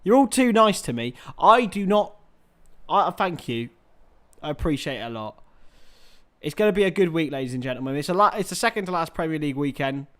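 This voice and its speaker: A young man hosting a live football watchalong, chatting with viewers, swearing freely and shouting at big chances. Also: fairly high pitch, lively intonation, brisk. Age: young adult. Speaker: watchalong host.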